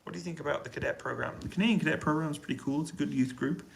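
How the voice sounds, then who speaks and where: A British man in a hotel room, answering viewers' questions on a casual, relaxed live stream and keeping his voice down so he doesn't wake anyone. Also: a little high, racing, gravelly, a little hiss or hum, poor audio. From United Kingdom. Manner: relaxed, quiet voice to avoid waking neighbours. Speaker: livestream host answering chat questions. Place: hotel room on an army base.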